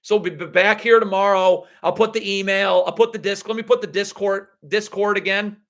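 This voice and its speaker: High-voiced man ranting on a livestream. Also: steady tone, brisk, fairly bright tone. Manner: blunt, ranting, sarcastic. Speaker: basketball livestream host. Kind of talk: live draft reaction stream.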